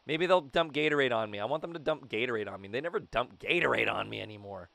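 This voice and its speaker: A young man giving excited commentary on his own gameplay, talking to himself, his throat a little raspy. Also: mid-range voice, fast talker, no room sound. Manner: hyped, talks to himself and the game. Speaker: gaming video host.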